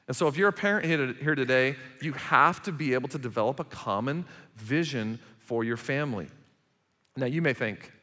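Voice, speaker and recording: A man in his forties preaching a sermon as pastor, emphatic and animated, acting out quarrels between parents. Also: medium pitch, normal speed. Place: church auditorium. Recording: large hall reverb.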